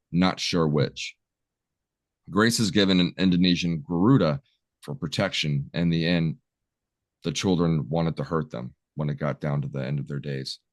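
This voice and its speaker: Deep-voiced man summarizing a horror film. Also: no room sound, studio quality. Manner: rambling plot summary with jokey asides. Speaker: podcast co-host. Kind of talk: casual movie review chat.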